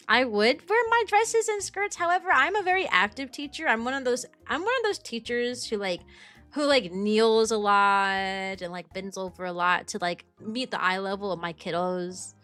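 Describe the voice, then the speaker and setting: A young American woman, a streamer who teaches kindergarten, answers viewers casually, rambling with restarts and fillers. Her mid-range voice has lively intonation and a fairly bright tone, and she takes her time. Soft music plays in the background.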